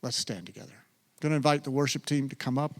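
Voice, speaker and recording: A man's voice: mid-range voice, quick pace. A male pastor preaching a sermon in a church, with a dramatic delivery that sinks to near whispers. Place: church sanctuary.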